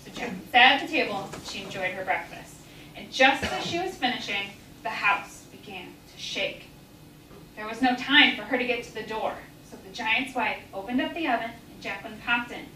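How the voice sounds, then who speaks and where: Woman, live storyteller, animated telling, high voice, distant mic. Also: fairly quick, echoey room, a little hiss or hum. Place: festival stage.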